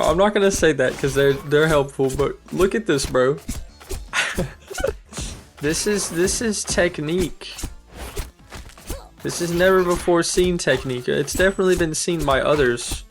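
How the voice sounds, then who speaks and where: A man's voice: medium pitch, vocal fry. A young man giving casual, upbeat commentary while playing a video game, thinking aloud and amused by his own plays. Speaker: gaming streamer. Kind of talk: casual let's-play commentary.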